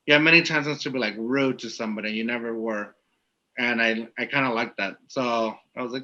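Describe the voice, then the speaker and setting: A man's voice: medium pitch, normal speed, sharp tone, muffled recording. A man co-hosting a casual podcast interview, rambling with lots of filler words. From Texas. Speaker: podcast co-host.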